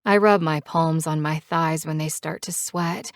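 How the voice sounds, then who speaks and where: A woman narrating a first-person romance audiobook with a measured, steady reading on a close mic. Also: sits low, no room sound.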